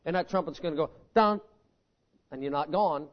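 High-voiced preacher, lo-fi recording. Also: male voice, fast. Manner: folksy, animated storytelling preaching. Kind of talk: sermon. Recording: dull lo-fi sermon recording.

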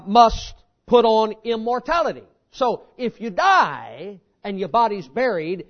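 A man preaching a sermon in a folksy, animated storytelling manner. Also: high-pitched. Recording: dull lo-fi sermon recording.

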